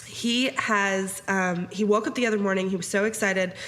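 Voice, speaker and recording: Woman podcast host, thirties, giggly, animated storyteller, casual chat. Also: medium pitch, moderate pace.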